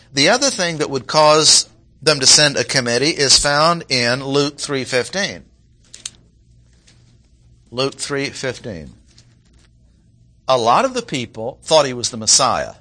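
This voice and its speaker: Bright-voiced man preaching a sermon. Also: medium pitch. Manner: emphatic, acts out quoted lines with shifting tone; clears throat often, restarts phrases. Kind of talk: expository sermon.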